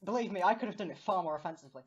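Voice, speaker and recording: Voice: mid-range voice, lo-fi sound, a crowd in the background. A podcast co-host chatting animatedly in a casual chat. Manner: animated, quick to do funny voices.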